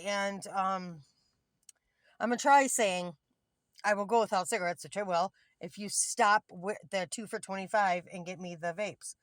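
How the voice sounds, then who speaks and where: Woman in her 50s rambling into her phone in a car, dry close sound, middle pitch, gets fired up. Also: fairly bright tone, dry recording. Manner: rambling, candid, gets heated. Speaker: vlogger. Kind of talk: casual selfie vlog. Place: parked car. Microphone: phone camera.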